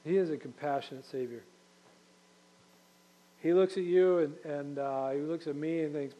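A man delivers a sermon in a church, speaking conversationally and repeating key lines for emphasis. His voice sits a little high but sounds mellow and warm. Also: moderate pace, pauses often, low-quality recording. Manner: conversational preaching with repeated phrases. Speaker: pastor.

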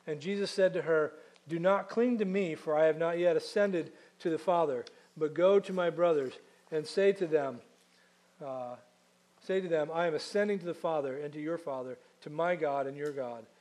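A man preaching a sermon conversationally, asking rhetorical questions and slowing down to read scripture aloud. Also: on the high side, a little mellow.

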